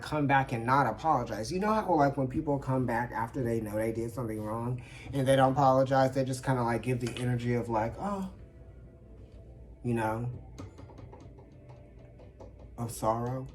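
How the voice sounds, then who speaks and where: Chatty, expressive man reading tarot. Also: mid-range voice. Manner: chatty and expressive, often checking in with listeners and calling them honey. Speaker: tarot reader. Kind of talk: casual tarot reading to camera. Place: indoors under a ring light.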